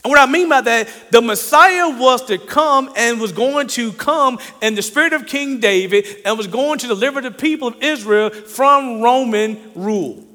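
A man's voice: very high-pitched, moderate pace, hardly any pauses, bright, forceful tone. A man preaching a sermon in a conversational, folksy, playful storytelling way. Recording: long hall reverb.

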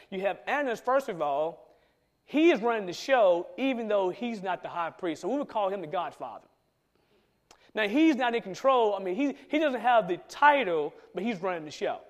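High-voiced animated male preacher. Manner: animated storytelling, acting out quoted voices. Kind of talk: sermon.

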